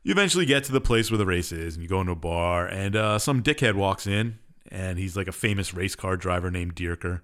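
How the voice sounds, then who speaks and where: Low-voiced and a bit bright, the man talks a little fast and expressively, with few pauses. Co-hosting a podcast, he casually recounts a game's story, rambling offhandedly with plenty of fillers and shrugging asides.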